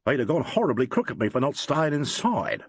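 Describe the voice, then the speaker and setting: Man reads young Kiwi sergeant in an audiobook, slangy and gushing, bouncy pitch, dry close mic. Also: big pitch swings, fairly quick, slightly rough, no room sound. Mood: gossipy. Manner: chatty, gushing, slangy storyteller. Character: eager young New Zealand police sergeant, male.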